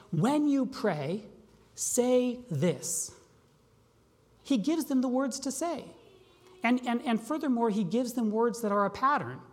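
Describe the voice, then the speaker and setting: Pastor preaching in a reverberant hall. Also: mid-range voice. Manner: asks rhetorical questions and slows down on key phrases. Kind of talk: sermon. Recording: long reverb of a large hall.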